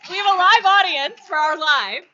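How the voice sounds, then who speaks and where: High, bright-voiced excited woman host. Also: normal speed, highs cut off. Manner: enthusiastic, laughing interviewer. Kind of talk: casual chat.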